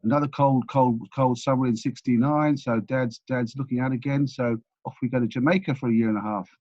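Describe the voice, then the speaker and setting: Fast-talking English-born man in his sixties. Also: mid-range voice, steady tone, a little mellow, dry recording, muffled recording. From England. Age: 60s. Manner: rambling, with many restarts and repeated words. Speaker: podcast guest. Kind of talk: casual storytelling interview.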